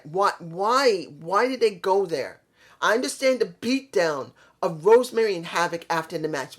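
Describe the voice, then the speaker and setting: Speaking alone in a mid-range voice, a wrestling show reviewer launches into a casual, frustrated rant. He rambles, keeps repeating rhetorical questions, swears now and then, and corrects his own slips.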